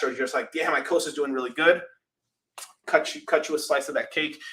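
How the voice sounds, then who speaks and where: A man's voice: mid-range voice, bright, forceful tone. A young man hosting a casual crypto livestream, rambling loosely, swearing freely and reading out viewer super chats.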